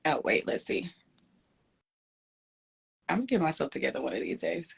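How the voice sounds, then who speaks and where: A woman hosting a casual live stream chat, excitable and chatty, talking into a phone. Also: low-pitched, gravelly, slightly rough. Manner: excitable, chatty, quick shifts into loud greetings. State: throat soothed with cough drops.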